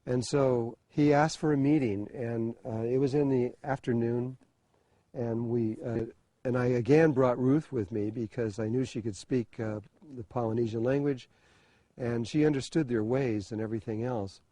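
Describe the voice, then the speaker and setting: An older man from the USA tells a story in a mellow, warm, medium-pitched voice. He pauses a lot, fills gaps with "uh," and often restarts his sentences. The sound is dry and close, with no room echo. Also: fairly even intonation. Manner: hesitant, many fillers and restarts, chuckling. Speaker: spiritual teacher. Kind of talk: storytelling talk.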